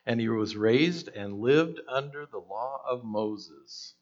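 A man's voice: mid-range voice, animated, slow pace, dull audio. A man preaching a conversational sermon, asking the listeners questions and acting out the voices in the story.

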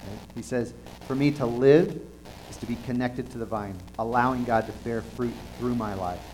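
A man preaching a conversational sermon in an earnest, halting way, often restarting his sentences. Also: mid-range voice, steady tone, a little mellow, slight background noise, poor audio.

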